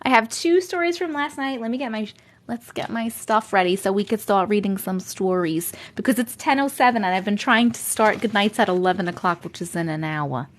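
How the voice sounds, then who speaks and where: A woman's voice: mid-range voice, animated, a little fast. A woman from Long Island with a New York accent, hosting a rambling, chatty live stream and laughing often. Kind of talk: casual live-stream chat.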